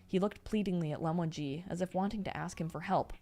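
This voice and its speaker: A woman's voice: lowish voice, fast. Young woman reading a novel aloud. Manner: reads steadily, breaks off into excited reactions. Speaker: streamer.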